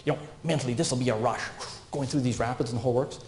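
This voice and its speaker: A man in his fifties giving a safety presentation at a conference, animated and asking the audience questions. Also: mid-range voice, rapid-fire, slight background noise. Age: 50s. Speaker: safety speaker. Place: conference hall. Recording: roomy hall sound.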